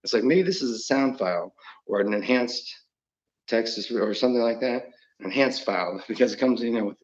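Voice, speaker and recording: A man's voice: mid-range voice, brisk, highs cut off. A man talking in a rambling monologue, chuckling often mid-sentence and trailing off into restarts.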